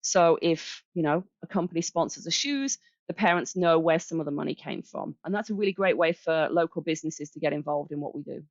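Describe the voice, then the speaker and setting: A woman's voice: low voice, brisk, hardly any pauses, no echo, muffled recording. Chatty woman from Birmingham, England. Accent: Birmingham English. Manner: chatty, friendly, explains in steps with fillers. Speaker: charity director guest. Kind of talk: casual podcast interview.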